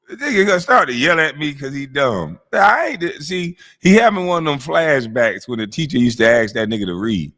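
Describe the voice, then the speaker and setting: A man's voice: on the high side, lively intonation, brisk, few pauses, fairly bright tone. Profane, mocking man reacting to a clip. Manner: mocking, laughing, swears heavily. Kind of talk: profane live commentary.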